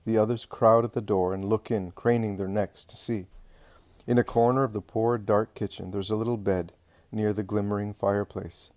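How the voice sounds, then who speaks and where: Guy reading a religious story aloud, lowish mellow voice, dry close sound. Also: fairly even intonation, no echo. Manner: measured, earnest reading. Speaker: narrator. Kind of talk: scripted reading of a religious narrative.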